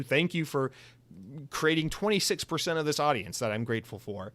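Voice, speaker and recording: A man's voice: fairly high pitch, expressive, fairly quick, fairly bright tone, no echo. Sarcastic rambling male podcast host. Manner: sarcastic, rambling, self-mocking. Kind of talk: casual solo podcast monologue.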